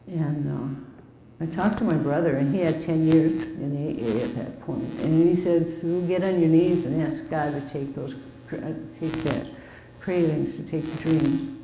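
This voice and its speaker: A woman in her fifties tells her recovery story with candid, wry warmth, her voice low and mellow. She speaks in an echoey room with faint ambient noise behind her. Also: unhurried. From Milwaukee, US Midwest. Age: 50s. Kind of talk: personal recovery testimony.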